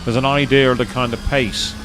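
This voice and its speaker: A man chatting excitedly as he commentates his own racing game play, thinking aloud to viewers. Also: medium pitch, fairly quick, noisy background. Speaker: gaming streamer. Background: game music and engine sounds.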